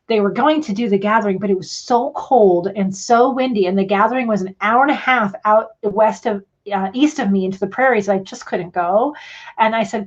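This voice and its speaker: A chatty woman talks casually to her livestream viewers and laughs often as she tells a story. Her voice sits at an ordinary middle pitch. The audio is a little dull and lo-fi. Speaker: photography livestream host.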